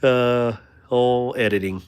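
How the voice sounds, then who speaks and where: A man with a clear, resonant mid-range voice and fairly even intonation hosts a knife livestream at an unhurried pace. He chats casually about knives, reads viewer comments and jokes about himself. Self-deprecating and talkative, he thanks viewers warmly.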